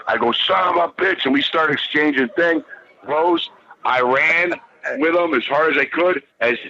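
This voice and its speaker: Forceful, profane storytelling man. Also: mid-range voice. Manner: profane, rambling, emphatic. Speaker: podcast guest. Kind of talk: animated storytelling. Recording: dull lo-fi dry sound.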